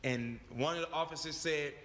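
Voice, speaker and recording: A man's voice: on the high side, moderate pace, a bit bright, slight background noise. A young man telling his own story in a heated, profane, emphatic way. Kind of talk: animated storytelling. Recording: long reverb on the voice.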